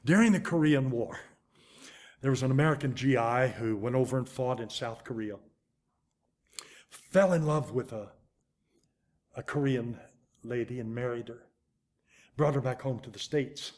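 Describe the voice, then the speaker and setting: A man's voice: medium pitch, normal speed, long pauses. Older man preaching with dramatic swings. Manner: animated, dramatic swings in loudness and pace. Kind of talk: storytelling sermon.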